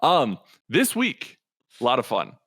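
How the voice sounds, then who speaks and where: An upbeat, jokey man hosting a chatty podcast. His voice sits at an ordinary pitch, recorded close and very dry. He leans into announcer flourishes for intros. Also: wildly swooping pitch, measured pace, fairly bright tone, husky, dry recording. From Minnesota. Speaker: podcast host. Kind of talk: casual podcast chat.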